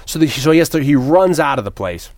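A man's voice: fairly high pitch, fast, creaky, no room sound. Guy on a podcast recapping a movie, doing little voices, dry close sound. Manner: animated retelling, acts out characters, swears freely. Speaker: podcast co-host. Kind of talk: casual movie recap chat.

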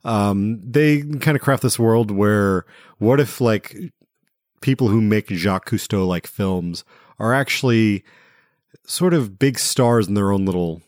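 Man, podcast host, lowish voice, dry close mic, loose and hesitant. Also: a little slow, dry recording. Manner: relaxed, hesitant with many fillers. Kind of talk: casual film discussion.

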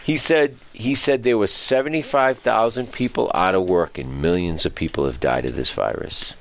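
A man's voice: lowish voice, moderate pace, vocal fry, a little hiss or hum. A man co-hosting a casual talk show, speaking in an opinionated, emphatic way and often repeating his points. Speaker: co-host. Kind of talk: casual political chat and joke telling.

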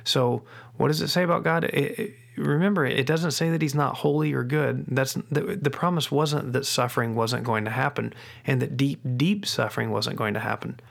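A middle-aged man hosting a faith-based parenting podcast, speaking earnestly, repeating key phrases slowly for emphasis and often restarting his sentences. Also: medium pitch, steady tone, creaky. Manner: frequent restarts and doubled words. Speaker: podcast host.

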